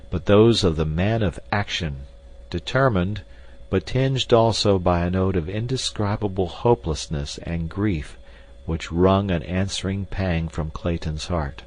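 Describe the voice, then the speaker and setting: A man narrating an audiobook in a steady, even reading. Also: deep voice. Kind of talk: scripted narration.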